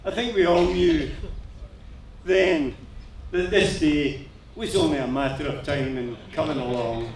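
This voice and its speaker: A man's voice: on the high side, measured pace, pauses often. A man giving a jovial wedding toast at a reception. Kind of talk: wedding speech. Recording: echoey hall from far off, crowd noise.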